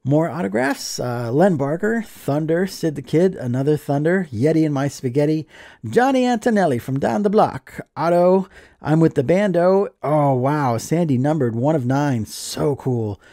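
A man's voice: fairly high pitch, lively intonation, moderate pace, warm tone, no echo, studio quality. A man chatting casually as he opens mail, enthusiastic and joking. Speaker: card collecting vlogger. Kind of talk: casual mail opening chat.

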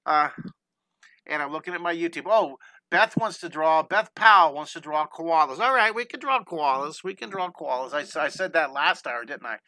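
A man's voice: a little high, animated, normal speed, pushed and bright, no echo, low-quality recording. A man teaching a live online drawing lesson, upbeat and encouraging, talking his students through each step and breaking into playful chants and sound effects.

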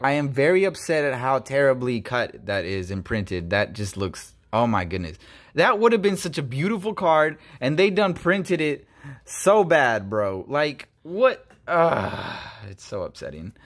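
A young man opening trading cards on his channel, talking excitedly and grumbling between pulls. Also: medium pitch, normal speed. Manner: animated, swings between squeals and grumbling. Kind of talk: excited card-opening vlog.

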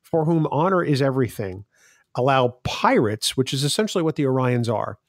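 A man's voice: medium pitch, expressive, fairly quick, dry recording, studio quality. Earnest male podcast co-host. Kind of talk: casual podcast discussion.

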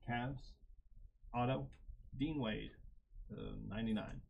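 A man's voice: mid-range voice, slow, vocal fry, a little mellow, slightly rough, dull audio. A man hosting a live trading card break, reading out player names and card details and chatting with viewers by name.

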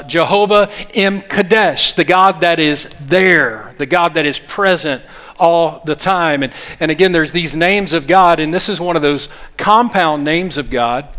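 A man preaches a sermon, his voice sitting a little high for a man. He talks earnestly, stumbling through fillers and restarts. He leads his congregation in call-and-response. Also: a bit bright. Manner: call-and-response, urges the congregation to repeat after him. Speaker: pastor.

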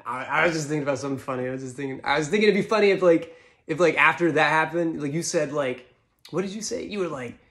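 A man's voice: fairly high pitch, fast, fairly bright tone. A man doing a rambling try-hard joker. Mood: eager. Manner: rambling, stammering, fake laughing. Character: eager, rambling guy trying too hard to be funny.

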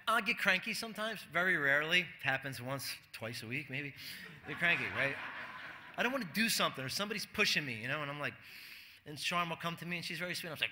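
A man's voice: on the high side, sing-song, fast talker, bright, forceful tone. A man preaching a sermon to a church congregation in a conversational way, asking the room questions and acting out quotes. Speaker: pastor.

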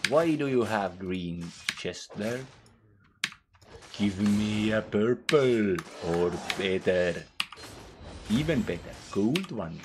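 A man's voice: lowish voice, animated, slow pace, noisy background. A man commenting on his own gameplay, trash-talking the game's enemies and breaking into sing-song scatting. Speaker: gaming channel host. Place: at a computer, playing a game. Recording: loud keyboard clicking behind voice.

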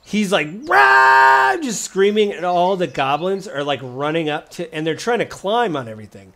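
A man's voice: on the high side, lively intonation, brisk. A man running a tabletop game as game master, describing scenes casually with many fillers. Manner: casual, rambling, frequent fillers and laughs.

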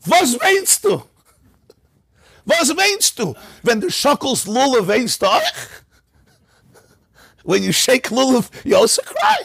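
A man's voice: high voice, fairly even intonation, fast talker, hardly any pauses, darkish tone, no room sound, clean studio sound, pitched above the performer's own voice. A man acting out a stern, older scholarly father who exclaims in mocking disbelief. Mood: incredulous.

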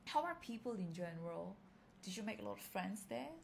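A young woman co-hosting a casual chat, giggly, often breaking into high laughter and trying out playful French phrases. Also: lively intonation, brisk, gravelly, slight background noise. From Korea. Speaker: podcast co-host.

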